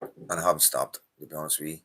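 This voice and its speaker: A man's voice: a bass voice, steady tone, fast, sharp tone, husky. A tired middle-aged man with a Northern Irish accent, hosting a casual live stream and rambling with many fillers as he greets viewers. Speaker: livestream host.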